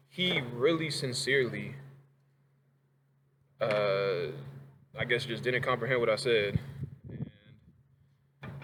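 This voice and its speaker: A man's voice: on the low side, heavy background noise. Heated, profane man ranting at home. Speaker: vlogger. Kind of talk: casual rant to camera. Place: home kitchen.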